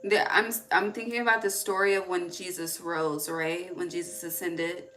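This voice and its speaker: A woman's voice: fairly low pitch, level tone, moderate pace, sharp tone. A woman giving a casual, rambling tarot reading, laughing often and trailing off mid-sentence. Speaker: tarot reader.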